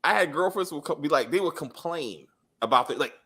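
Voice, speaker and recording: A man chats loosely through a movie review with a co-host, his voice a touch higher than most men's and swinging widely in pitch. He talks in a bright, forward tone, laughing and bouncing between points. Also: husky. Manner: animated, laughing, acts out characters in quick asides. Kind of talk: casual spoiler review chat.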